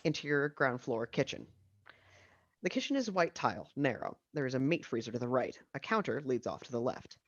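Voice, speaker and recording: Guy reading stage directions, gravelly voice, lots of pitch movement, dry sound. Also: brisk, no echo, highs cut off. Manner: steady reading with dry asides. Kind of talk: table-read narration of a screenplay.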